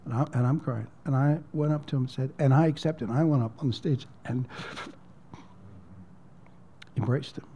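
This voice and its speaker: This male pastor's sermon unfolds as a conversational story told fast in a mid-range, dark-toned voice, with a little hiss or hum in the background. At emotional points he drops almost to a whisper, and he repeats his words.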